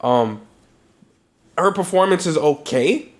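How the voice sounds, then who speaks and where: A man's voice: fairly high pitch, takes it slowly. A man co-hosting a film podcast, talking loosely and with plenty of swearing about movies he saw. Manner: loose, profane, animated film talk. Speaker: podcast co-host. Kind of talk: casual chat.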